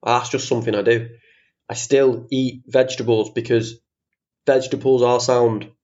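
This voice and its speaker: A young man talks through a solo podcast episode, chatty and quick to rant, with casual swearing. His voice sits at an ordinary middle pitch. The recording sounds slightly dull and lo-fi. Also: little pitch movement, a little mellow. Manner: chatty, ranty, swears casually, self-mocking. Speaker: podcast host.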